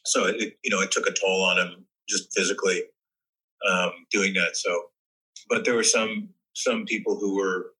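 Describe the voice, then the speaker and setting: Man, husky timbre, bright tone, lowish voice, animated casual storytelling. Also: rough recording. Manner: animated storyteller, many restarts, swears. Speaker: actor guest. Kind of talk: casual podcast chat.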